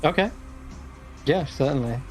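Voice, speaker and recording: A man running a tabletop game as dungeon master, narrating events in a relaxed, rambling way. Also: a little high, measured pace, soft background music.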